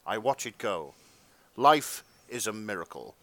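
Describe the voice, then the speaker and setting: A man narrates a comic fanfiction aloud with a lowish voice that swings widely in pitch. His reading is grandly mock-dramatic, delivered like a deadpan storyteller. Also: a little slow. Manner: mock-dramatic, breaks into laughter.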